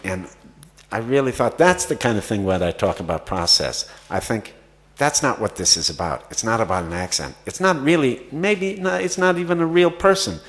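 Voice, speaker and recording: Speaking at a normal speed with lively intonation, a man with a mid-range voice responds to audience questions about acting. It's a festival Q&A, and he rambles with many fillers and restarts.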